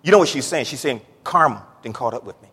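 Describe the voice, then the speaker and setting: A man preaching a sermon in a church, building from low, drawn-out talk to shouted, pleading prayer. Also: animated, slightly rough. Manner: Southern-style preaching cadence, says y'all. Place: church sanctuary. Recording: echoey church hall.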